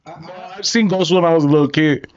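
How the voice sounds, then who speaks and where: A laid-back man from Los Angeles talking casually with a fairly high voice, pausing on filler words as he goes. The sound is slightly dull and lo-fi. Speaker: podcast guest. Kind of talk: casual chat.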